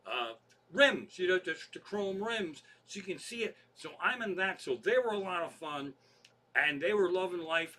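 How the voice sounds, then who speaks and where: A comedian telling rambling, profane anecdotes in a casual monologue. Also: male voice, on the high side, pushed and bright. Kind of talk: storytelling podcast monologue.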